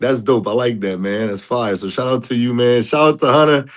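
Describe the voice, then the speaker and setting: A man's voice: medium pitch, brisk. A man hosting a casual sports debate over an online call, teasing his co-hosts, laughing a lot and using slang. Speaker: show host.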